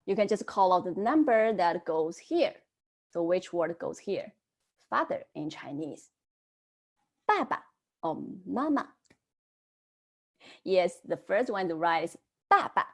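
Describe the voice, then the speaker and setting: A woman teaching an online Chinese class, modelling words slowly and prompting students to repeat them after her. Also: lowish voice, sing-song.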